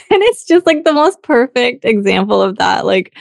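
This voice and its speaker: Chatty woman host w a gravelly creaky voice, dry close sound, laughs a lot. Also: fairly high pitch, big pitch swings, moderate pace, dry recording. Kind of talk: casual conversation.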